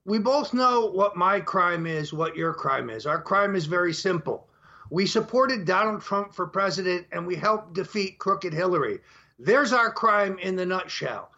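A high, expressive, bright voice with a forceful tone belongs to an older man being interviewed on a talk show. He keeps a measured pace, stresses his words and sets out numbered points, all on dull lo-fi audio.

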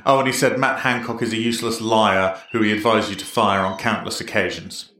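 A man playing a deadpan, blunt male civil servant. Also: lowish voice, brisk, roomy sound.

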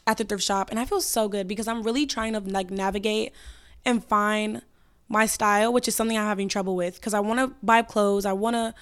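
A young woman hosting her own podcast, chatting casually and candidly with slang, her voice hoarse and going in and out. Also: mid-range voice, steady tone, brisk. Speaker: podcast host. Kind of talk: casual solo podcast chat.

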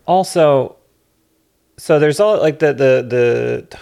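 A man's voice: mid-range voice, unhurried, gravelly, a little mellow. A man co-hosting a comedy podcast, chatting casually and making dry, sarcastic jokes. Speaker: podcast co-host. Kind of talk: casual chat.

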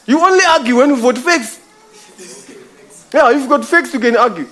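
A man's voice: very high-pitched, expressive, moderate pace, fairly bright tone. A man preaching a sermon, emphatic and repetitive, calling his listeners brother. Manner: emphatic, repeats phrases, addresses listeners as brother.

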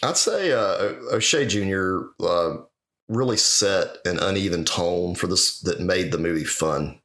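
Man, low voice, very lively pitch, casual podcast movie chat, swears and laughs a lot. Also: unhurried. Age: adult, married. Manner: animated, swearing, laughs often. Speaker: podcast co-host.

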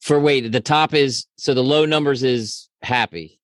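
A relaxed man trading jokes as a podcast co-host, his voice sitting at an everyday middle pitch. The recording is dry and close, with almost no room sound. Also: measured pace, no echo. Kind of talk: casual banter.

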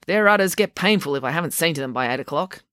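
A storybook narrator voicing a brisk, impatient countrywoman who talks in a matter-of-fact, sing-song way. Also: medium pitch, animated, sharp tone, dry recording, studio quality. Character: brisk older countrywoman cat lady, impatient.

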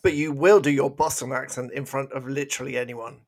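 A British man co-hosting a podcast in casual, animated chat, laughing easily and ranting at times. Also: medium pitch, fairly quick. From Britain. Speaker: podcast co-host.

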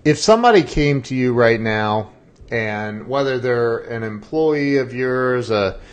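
Male podcast host, mid pitch, halting restarts, animated storyteller. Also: highs cut off. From Ohio, US. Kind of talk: casual interview chat.

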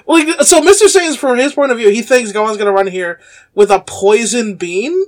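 A woman's voice: on the high side, animated, moderate pace, a little mellow. Woman cohost chatting about a cartoon, gets worked up and laughs. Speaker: podcast co-host. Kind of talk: casual chat.

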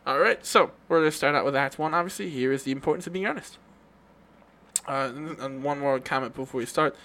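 A man's voice: on the high side, brisk, pushed and bright. A man co-hosting a podcast in a casual, rambling chat, often laughing and restarting his sentences with fillers. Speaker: podcast co-host.

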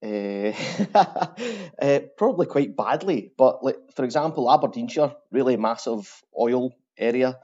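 A man's voice: medium pitch, lively intonation, a little slow, warm tone. A man with a strong Glaswegian Scottish accent, a truck driver chatting as an interview guest, with lots of fillers and restarts. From Scotland. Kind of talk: casual interview chat. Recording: dull lo-fi sound.

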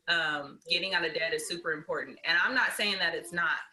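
Woman, bright clear tone, earnest, casual podcast guest, talks from home. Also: fairly low pitch, fairly quick, poor audio. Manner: earnest, keeps asking "right?". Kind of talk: casual chat.

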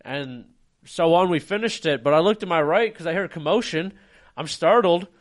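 A man's voice: a little high, expressive, moderate pace. A young man in casual chat, telling drinking stories with profane, laughing banter. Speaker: podcast co-host.

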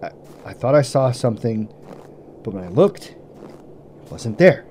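A man's voice: medium pitch, big pitch swings, unhurried, mellow, a little hiss or hum. An actor playing a frightened male psychologist lost on a hunt in the woods, stammering nervously as he talks himself down. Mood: anxious. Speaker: hunter. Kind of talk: audio drama acting.

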